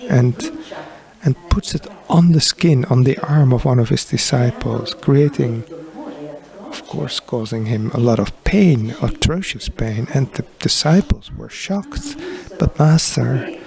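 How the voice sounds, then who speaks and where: Guy translating a sunday sermon, slow storytelling, gravelly low-ish voice. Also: animated, a little mellow. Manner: slow, deliberate storytelling with pauses. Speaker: interpreter giving a sermon.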